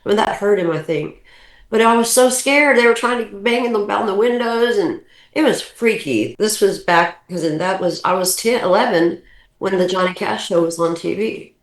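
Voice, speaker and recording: A woman's voice: mid-range voice, normal speed. An older woman chatting as a guest, telling long stories that ramble and restart. Her voice sits in the middle of the range and carries a noticeable room echo. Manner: animated, rambling anecdotes with restarts. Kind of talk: casual storytelling. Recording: roomy echo.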